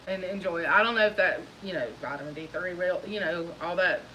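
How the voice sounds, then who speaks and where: A woman's voice: fairly low pitch, fast talker, sharp tone, poor audio. A woman co-hosting a homestead live-stream, chatty and joking in a folksy way. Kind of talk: casual live-stream chat. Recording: faint hiss.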